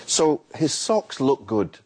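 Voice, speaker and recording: Male preacher, husky, lively pitch, storytelling explanation with repeated words. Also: takes it slowly. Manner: animated, repeats words, acts out a street vendor's calls. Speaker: Muslim preacher guest.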